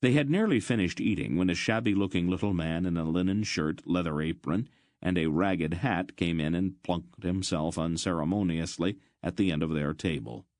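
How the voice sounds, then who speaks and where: A man with a low, deep voice narrates an audiobook in a measured, storytelling way. The recording is dry and close, with no room sound. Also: darkish tone, no room sound.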